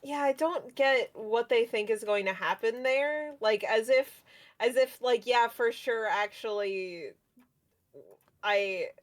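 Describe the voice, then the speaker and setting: A woman's voice: a little high, slow pace. A woman guest in casual chat, giggling and trailing off. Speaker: guest streamer.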